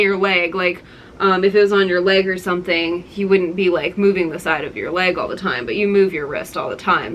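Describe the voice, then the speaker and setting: A young woman chats through a casual story time for her channel, leaning on likes and ums. Her voice is bright and clear. A faint background hiss sits under the recording. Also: mid-range voice. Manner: chatty, many fillers and likes. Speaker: vlogger.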